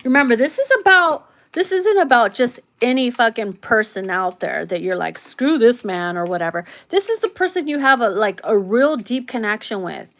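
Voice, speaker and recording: A woman's voice: on the high side, sing-song, moderate pace, few pauses, fairly bright tone. A woman giving a casual tarot reading, blunt and profane, laughing a lot and acting out quoted lines in slangy voices. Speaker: tarot reader.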